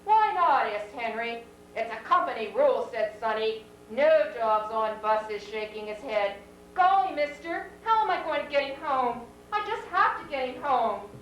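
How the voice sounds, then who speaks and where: A woman teacher reading a children's story aloud to a class, with expressive read-aloud voices for the characters, in a classroom. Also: a little high, normal speed. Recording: echoey classroom from far off, faint hum.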